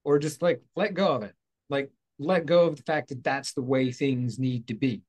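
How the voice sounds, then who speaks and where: A man's voice: mid-range voice, moderate pace, a little mellow, slightly rough. A man hosting a spiritual talk show, talking casually in a rambling, playful way, correcting himself as he goes. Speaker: host. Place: outdoors in hot weather.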